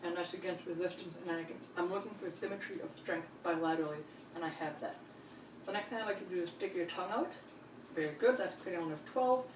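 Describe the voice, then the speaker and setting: This nurse examiner is a fast talker, yet her fairly low voice stays calm as she takes a patient through a clinical exam demonstration one step at a time with frequent reassurance. She's captured from afar in a roomy space with faint background hiss.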